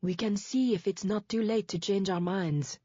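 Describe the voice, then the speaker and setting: A woman's voice: mid-range voice, steady tone, normal speed, warm tone, husky, dry recording, natural voice. A woman voicing a male defense lawyer who presses his client in an urgent, pleading way, recorded dull and dry.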